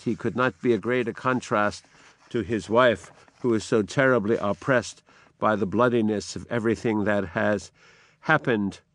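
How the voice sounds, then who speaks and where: A man giving a lecture on drama, explaining the text in a measured way between quotations. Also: medium pitch, no room sound. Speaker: literature lecturer.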